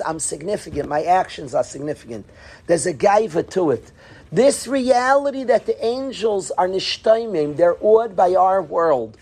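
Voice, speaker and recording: A man's voice: sits high, gravelly, a little mellow, slight background noise. A man teaching a Torah class to yeshiva students, earnest, calling on students by name and dropping into whispers.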